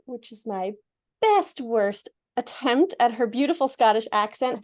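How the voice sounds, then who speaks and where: A woman's voice: a little high, expressive, unhurried. A woman hosting an interview, effusive and enthusiastic.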